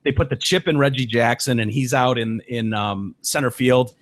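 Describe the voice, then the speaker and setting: A man hosting a casual podcast, telling stories with lots of swearing, laughter and loud voices for the people he quotes. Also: medium pitch, normal speed, dry recording. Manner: swears freely, laughs often. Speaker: podcast host.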